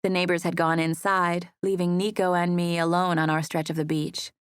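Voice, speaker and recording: Soft-spoken woman narrating a romance. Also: lowish voice, flat delivery, moderate pace, clean tone, no echo, studio quality. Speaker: audiobook narrator. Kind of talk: first-person romance narration.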